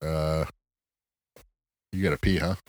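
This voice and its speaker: Low-voiced man ranting casually. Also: slow pace, no echo. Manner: rambling, profane, animated ranting. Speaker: podcast co-host. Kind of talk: casual chat.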